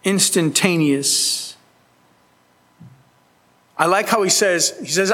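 Brief: male pastor, slow bright delivery, emphatic sermon, reverberant hall. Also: high-pitched. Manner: earnest, emphatic preaching with rising pleas.

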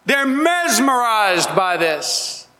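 A man's voice: very high-pitched, big pitch swings, very slow, bright, forceful tone. A man preaching a sermon as pastor, earnest and emphatic, pleading with his listeners. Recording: long hall reverb.

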